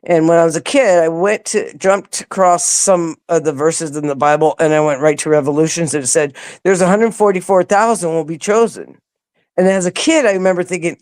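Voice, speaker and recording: A woman telling a personal story as an interview guest, animated, acting out other people's lines and laughing often. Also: lowish voice, a little fast. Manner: animated, acts out quoted voices, laughs often. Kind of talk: casual storytelling.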